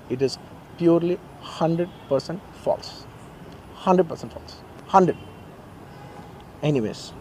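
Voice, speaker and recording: A man's voice: a little high, dark tone, a little hiss or hum. A middle-aged man with a Telugu accent, speaking at a press meet in a garden, giving an emotional statement and insisting on his point with many repeated phrases. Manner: earnest, insistent, repeats himself. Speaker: actor at a press conference.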